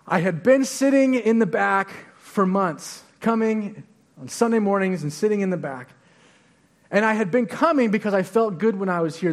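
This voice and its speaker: A male pastor giving a sermon in a conversational way, leaning hard on stressed words. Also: sits high. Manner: conversational preaching with emphatic stresses.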